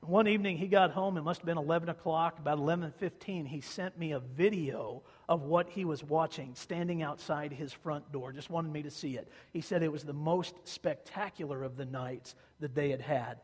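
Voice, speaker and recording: A man's voice: fairly high pitch, brisk, few pauses, darkish tone, breathy edge, long reverb tail. A man from Kansas, a pastor, preaching a sermon in a conversational storytelling way, repeating phrases for emphasis.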